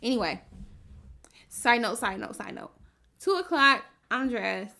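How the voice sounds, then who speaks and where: A woman's voice: a little high, measured pace, creaky. A woman podcast co-host chatting casually, telling a story with lots of laughter and feeling. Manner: animated storytelling, laughs often. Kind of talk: casual chat.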